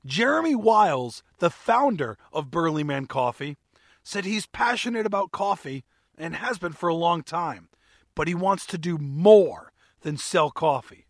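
A man's voice: fairly high pitch, lively intonation, a little slow, no room sound, studio quality. A man hosting a podcast on his own, upbeat and jokey with a self-mocking streak. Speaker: podcast host. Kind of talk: solo podcast chat.

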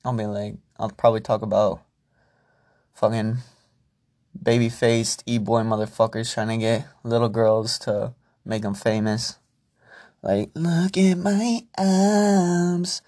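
A man's voice: fairly low pitch, completely flat delivery, measured pace, a little mellow. A young man hosting a casual solo podcast, rambling and swearing freely as he talks to himself and his listeners. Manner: profane, rambling, self-talking. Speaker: podcast host.

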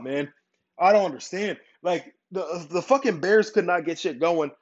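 A man's voice: high voice, animated, moderate pace. A young man hosting a football podcast, ranting heatedly with constant swearing. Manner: profane, heated and worked up. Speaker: podcast host. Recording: dull lo-fi recording.

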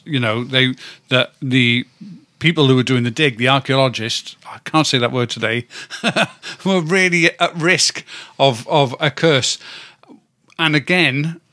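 A man's voice: mid-range voice, pushed and bright, no room sound, clean studio sound. A man in his fifties, co-hosting a podcast in casual chat, rambling, tripping over words and swearing now and then. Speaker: podcast co-host.

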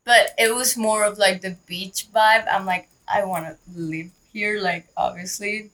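A woman's voice: mid-range voice, steady tone, unhurried, a bit bright, low-quality recording. A young woman, a podcast guest, chatting in an easygoing way with lots of "like" fillers. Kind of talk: casual chat.

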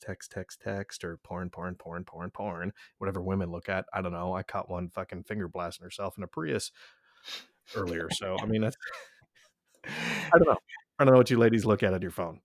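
A man with a fairly low voice tells a story in loose, profane chat, backtracking and restarting as he goes. The sound is close and dry, with no room around it. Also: normal speed, no echo. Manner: profane, rambling, full of restarts. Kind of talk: casual storytelling.

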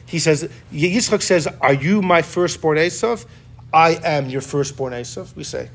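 A man's voice: fairly high pitch, moderate pace, vocal fry. A man teaching a casual Torah class to a group, acting out the quotes as he explains them and often restarting his sentences. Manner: animated, acts out quotes, many restarts. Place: classroom with students.

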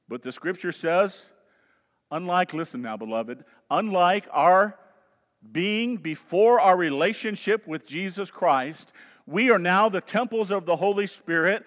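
High-voiced Southern preacher in a reverberant hall. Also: male voice, expressive, a little slow. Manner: emphatic preaching, swings between loud urging and low asides. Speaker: pastor. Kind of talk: sermon.

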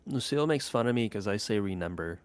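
A man's voice: on the low side, expressive, quick pace, no room sound. A young man in casual chat, laid-back and teasing, who drops the final g on his words.

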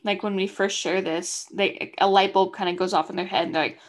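A woman's voice: medium pitch, steady tone, brisk. A young adult woman co-hosting a podcast, chatty and upbeat, with lots of everyday fillers. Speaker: podcast co-host. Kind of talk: casual conversational chat.

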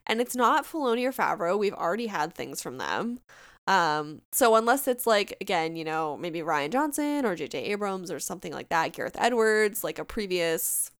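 A woman co-hosting a casual fan podcast, chatty and animated, often laughing as she talks. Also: fairly low pitch, normal speed. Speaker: podcast co-host.

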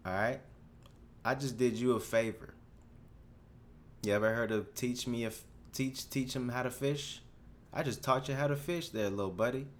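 A man in his twenties hosting a solo podcast, rambling through a story in a casual, profane, animated way, full of restarts. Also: medium pitch, normal speed, long pauses. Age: 20s. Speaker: podcast host.

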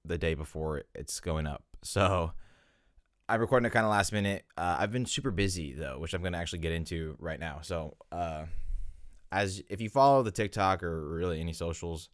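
A young man with a deep, smooth voice chats casually on his solo podcast. He rambles and corrects himself, sounding a little out of breath. The sound is close and dry. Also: fairly quick, no room sound. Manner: rambling, self-correcting, chatty. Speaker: podcast host.

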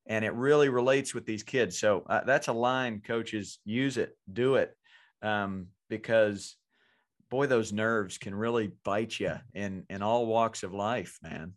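A man's voice: on the low side, unhurried. A man co-hosting a podcast in casual conversation, earnest and storytelling about coaching kids. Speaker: podcast co-host.

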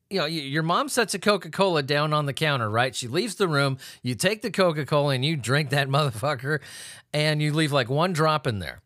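A man's voice: fairly high pitch, a bit bright, no echo, clean studio sound. A man hosting a comedic news commentary, swearing, laughing and making sarcastic asides. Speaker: host.

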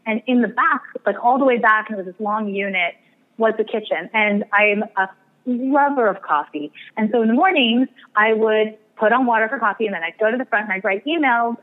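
A woman, an astrologer and medium, telling a rambling, self-deprecating story in a casual interview. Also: mid-range voice. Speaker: astrologer and psychic medium guest. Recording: tinny phone-like radio line.

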